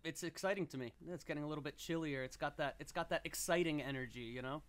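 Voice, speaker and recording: American guy on a comedy podcast, smooth clear voice, kinda high, easygoing. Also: fast talker. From United States. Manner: easygoing, agreeable, laughing. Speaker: podcast co-host. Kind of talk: casual comedy podcast chat.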